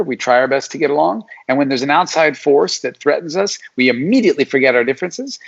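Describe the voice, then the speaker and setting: A middle-aged man, a psychology professor talking as a guest in a casual interview, explaining ideas and acting out what imagined people would say. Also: on the high side. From Alaska, USA. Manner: explanatory, acts out imagined people's lines in quotes. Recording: dull lo-fi audio.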